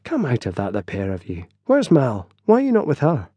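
A man's voice: medium pitch, wildly swooping pitch, dark tone, husky, no echo. A man voicing a flustered, apologetic middle-aged merchant in an audiobook. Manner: hurried, apologetic.

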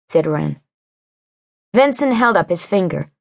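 A woman narrating a thriller audiobook in a measured, unhurried way. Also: fairly low pitch, expressive, creaky, no room sound, studio quality. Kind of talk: scripted narration.

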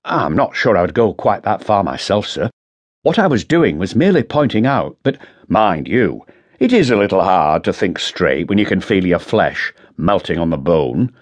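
A man's voice: deep voice, sing-song, normal speed. A man voicing a careful, polite younger male police detective in an audiobook.

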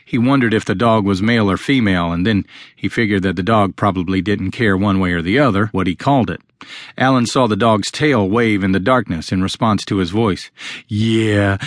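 This is scripted audiobook narration from a man with a deep voice, delivered at a steady, measured pace. It's clean studio audio with no trace of room sound.

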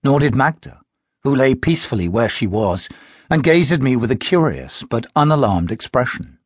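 Husky male narrator with lively inflection. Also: mid-range voice, normal speed, no echo, clean studio sound. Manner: expressive, tense storytelling. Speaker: audiobook narrator. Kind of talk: scripted first-person audiobook narration.

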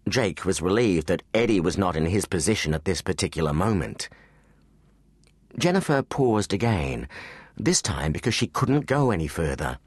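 A man's voice: low voice, normal speed, slightly rough, no room sound. Guy narrating a teen spy audiobook, lots of ups and downs in his voice, dry close studio sound. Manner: expressive storytelling. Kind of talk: scripted narration. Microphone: close studio mic.

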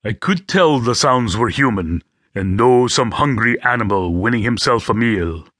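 A man's voice: mid-range voice, lively intonation, normal speed, fairly bright tone, no room sound. A man reading a first-person audiobook with gritty, vivid storytelling, close to a studio mic. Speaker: audiobook narrator.

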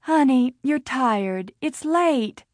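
A woman reading an audiobook voices a mother who is a therapist, speaking in a measured, soothing professional manner. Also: high voice, expressive, a little mellow, no room sound, clean studio sound.

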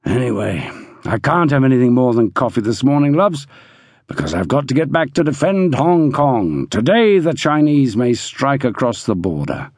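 Guy reading as a laid-back teasing soldier, dry close mic, lively up and down voice. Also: mid-range voice, normal speed, slightly rough, no room sound. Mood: breezy. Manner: breezy, joking. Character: British army soldier, easygoing and teasing.

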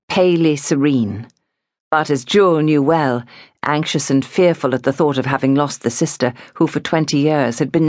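A woman narrating an audiobook in a measured, expressive storytelling manner. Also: sits low, dry recording, clean studio sound. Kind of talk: scripted narration.

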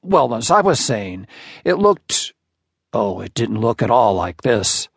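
A man voicing a gentle middle-aged husband in an audiobook story, who talks hurriedly and stammers when caught out. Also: medium pitch, big pitch swings, takes it slowly, creaky, slightly rough, dry recording, clean studio sound, heavily acted. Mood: flustered.

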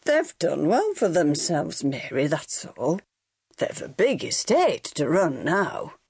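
A kindly middle-aged farmer father, voiced by a woman reading the book, calm and gentle as he reasons with his family. The voice sits lowish and unhurried. Dry, close audiobook sound. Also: slightly rough, no room sound, full character voice. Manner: gentle, slow, remonstrating.

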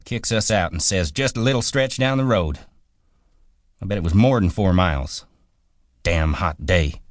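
A man voicing a small, irritable, weary ranch hand who talks gruffly and swears in exasperation, in an audiobook. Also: deep voice, no echo, clean studio sound, pitched above the performer's own voice, natural voice. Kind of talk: audiobook character voice.

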